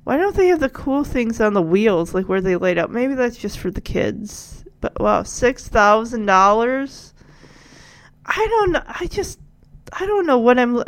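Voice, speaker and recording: A woman gives casual reaction commentary on a show she has been watching. Her voice sits high and moves a great deal, with animated swoops. She talks freely and laughs as she retells scenes. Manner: chatty, animated, laughs often. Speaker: show recapper.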